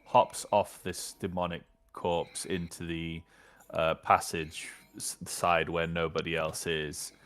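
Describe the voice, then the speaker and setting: A man playing a tabletop game, describing his character's actions in a measured, hesitant way. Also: sits low, flat delivery, fairly bright tone. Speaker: player.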